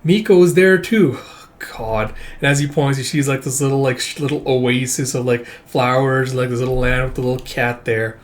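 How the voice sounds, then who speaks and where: A man's voice: medium pitch, level tone, fairly quick, hardly any pauses. A man hosting a comic read-through channel, talking casually and rambling, with lots of fillers and some casual swearing. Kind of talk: casual reading commentary.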